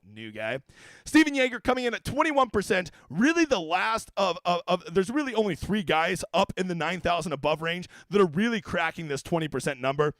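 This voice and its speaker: A man's voice: high-pitched, a bit bright, no echo. A man hosting a casual fantasy golf livestream, talking in brash, profane, joking rants. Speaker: fantasy sports golf analyst.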